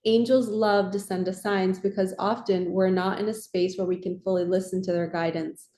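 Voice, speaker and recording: A woman giving a casual spiritual card reading in a soft, reassuring, affirming way. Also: medium pitch, level tone, moderate pace. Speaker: tarot and oracle card reader. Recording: echoey room.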